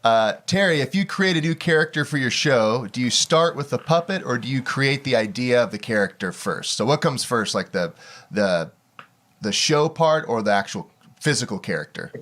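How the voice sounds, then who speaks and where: A man co-hosting a show, reading out viewer questions in a plain, relaxed way. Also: medium pitch, normal speed.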